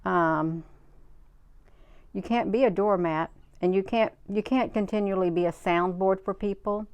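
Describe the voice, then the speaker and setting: A woman's voice: medium pitch, clear, resonant tone, no echo. A woman hosting a casual livestream, chatting to viewers and answering their comments, who drives her points home by repeating them in short, emphatic bursts. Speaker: livestream host. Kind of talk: casual live-stream chat, reading viewer comments.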